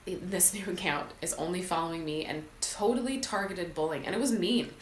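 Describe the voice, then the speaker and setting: A woman's voice: on the low side, brisk, echoey room, a little hiss or hum, rough recording. A woman hosting her own show, giving an earnest, heartfelt motivational talk with frequent fillers. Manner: earnest, emotional, many fillers. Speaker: podcast host.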